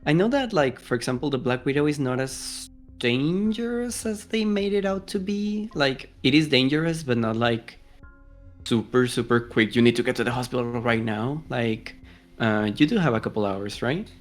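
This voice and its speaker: A man chats on a livestream at a mid pitch, loose and peppered with "like." Soft music plays in the background. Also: lively intonation, moderate pace. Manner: chatty, lots of "like". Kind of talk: casual chat.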